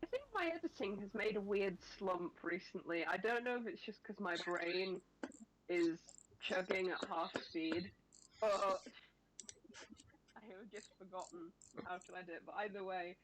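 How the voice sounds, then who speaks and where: A woman's voice: medium pitch, moderate pace, noisy background. A woman in casual chat while drawing, laid-back and swearing offhandedly. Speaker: artist co-host.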